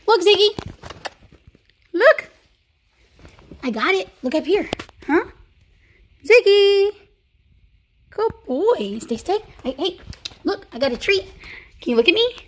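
A woman's voice: high-pitched, sing-song, moderate pace. A woman, filming a casual vlog as a pet sitter and talking to dogs in sing-song baby talk.

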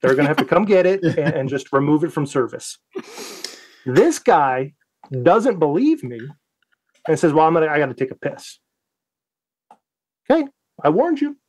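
A man from the United States tells a story on a podcast, his slightly high voice swinging widely up and down as he acts out his own lines. He swears freely and keeps the tale rolling. The sound is dry and close. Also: moderate pace, dry recording. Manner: profane, animated, acts out his own quotes. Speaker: guest, Navy veteran.

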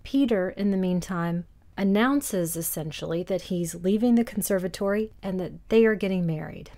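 A woman's voice: medium pitch, moderate pace, warm tone. Woman co-hosting a film podcast. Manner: recaps scenes in detail, laughs easily. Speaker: podcast co-host. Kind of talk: casual film discussion.

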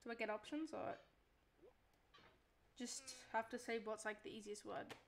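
A woman's voice: on the high side, fairly even intonation, a little slow, slight background noise. Exasperated Australian woman streamer. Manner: exasperated, pleading, talks to chat. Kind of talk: casual live-stream gaming chatter.

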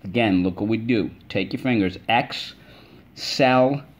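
A man's voice: lowish voice, fairly even intonation. A male teacher giving a spelling lesson to children, patient and stretching out the syllables of each word. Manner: slow, patient, drawn-out syllables.

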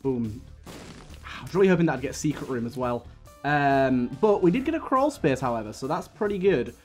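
A man's voice: medium pitch, big pitch swings, moderate pace, soft background music. A man giving casual, rambling commentary while playing a video game, hiccuping now and then. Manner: chatty, rambling, frequent fillers and restarts. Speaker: gaming YouTuber.

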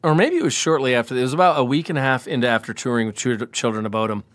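A man's voice: mid-range voice, animated, rapid-fire, fairly bright tone, no echo. A man from a small South Dakota town telling a touring story in casual chat, acting out the voices of people he quotes. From Spearfish, South Dakota. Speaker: guest, brewery sales rep. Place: home room with dogs around.

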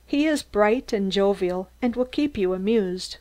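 A woman's voice: mid-range voice, expressive, unhurried, darkish tone, close to an everyday voice. Woman voicing a genial, welcoming police chief. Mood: friendly. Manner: cordial and welcoming. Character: friendly genial male host, a police chief.

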